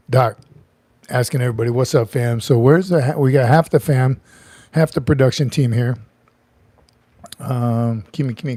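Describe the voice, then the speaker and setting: A man's voice: mid-range voice, warm tone, no echo. A middle-aged man hosting a casual livestream, chatty, joking and greeting viewers by name. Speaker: livestream host.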